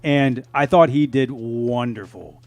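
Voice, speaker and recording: A man's voice: medium pitch, takes it slowly, no room sound. A man co-hosting a podcast, talking casually and profanely, laughing often. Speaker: podcast co-host. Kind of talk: casual chat.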